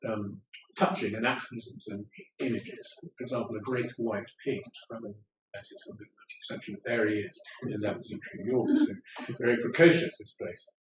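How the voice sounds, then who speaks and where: A man giving a public lecture with slides, measured and digressive, with wry asides. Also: medium pitch. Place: lecture room in an old house. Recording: roomy room, speaker far from the mic, faint ambience.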